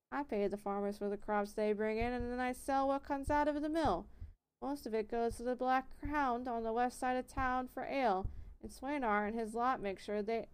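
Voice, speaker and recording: Woman putting on a nervous country miller, a bit high and clear, rambling and worried. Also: lightly acted. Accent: put-on country accent. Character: frightened stocky elven miller man.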